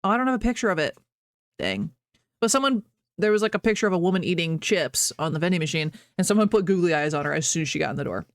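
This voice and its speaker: A woman's voice: lowish voice, expressive, quick pace, no room sound. A woman streamer chatting casually to her viewers from her home office, bubbly, rambling and self-deprecating. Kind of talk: casual live-stream chat.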